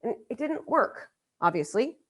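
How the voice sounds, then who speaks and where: A woman's voice: fairly high pitch, sing-song, measured pace, fairly bright tone. Emphatic woman coaching a seminar crowd. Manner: emphatic, repeats key lines for effect. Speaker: business coach. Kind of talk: motivational seminar talk. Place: live event.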